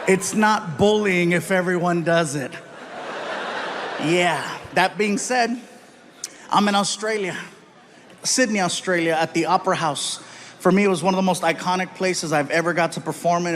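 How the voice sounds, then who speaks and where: A man doing stand-up, telling stories in an animated way and acting out characters. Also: high voice, moderate pace, background noise. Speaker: stand-up comedian. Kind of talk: stand-up storytelling.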